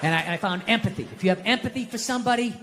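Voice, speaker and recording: A man with a high voice does stand-up on a big theater stage, talking very fast as he tells animated stories and voices his own inner thoughts. The live recording has theater reverb, a faint audience, and a noisy background.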